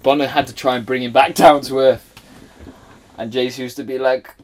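Welsh male guest, 30s, middle-pitched voice, animated anecdotes with frequent laughter. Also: moderate pace. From Wales. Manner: animated storyteller, laughs often. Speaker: guest, former footballer. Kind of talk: casual chat.

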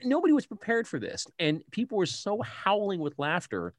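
A middle-aged man in a casual film chat, animated and laughing often as he retells scenes. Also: sits high, normal speed, no echo.

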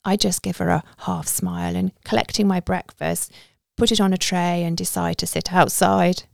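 A woman's voice: on the low side, steady tone, normal speed, gravelly, darkish tone, no echo, studio quality. A woman narrating a story in a conversational first-person way.

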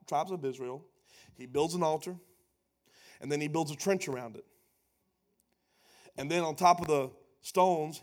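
A man preaching a sermon, animated and sarcastic, swinging between loud retellings and hushed asides. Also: fairly high pitch.

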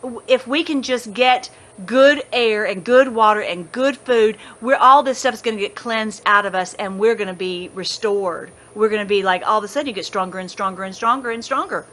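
A woman's voice: mid-range voice, normal speed, a bit bright. A middle-aged woman teaching a casual Bible study from her rural home, rambling and enthusiastic, with many restarts and laughs.

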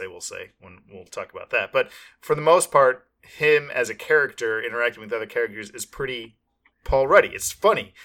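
Bright-voiced man chatting about movies. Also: medium pitch. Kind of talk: casual movie review chat.

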